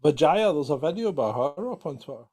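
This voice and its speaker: Male co-host, slightly high pitch, chatty anecdotal banter, sweary. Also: expressive, fairly quick, a little mellow, breathy edge. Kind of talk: casual chat on a live stream.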